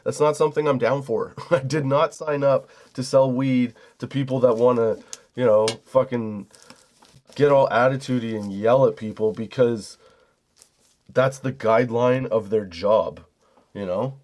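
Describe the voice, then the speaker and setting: A man's voice: mid-range voice, steady tone, unhurried, a little mellow. A young man hosting a comedy podcast, telling a story in a profane, casual way and laughing often. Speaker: podcast host.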